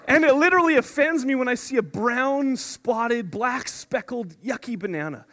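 A man with a high voice delivering a sermon to his congregation. He is animated and playful, dropping to a hush and then climbing to excited shouts. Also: moderate pace, few pauses. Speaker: preacher.

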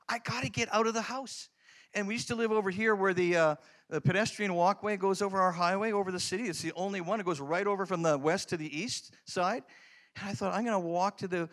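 A middle-aged man, preaching a sermon as a pastor and telling a personal story, swinging between loud emphatic lines and hushed, prayerful ones. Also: a little high.

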